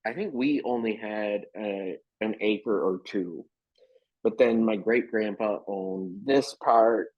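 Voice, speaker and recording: A man chatting as a podcast guest, telling rambling stories with lots of fillers and frequent laughs. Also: lowish voice. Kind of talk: casual storytelling chat. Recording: muffled lo-fi podcast audio.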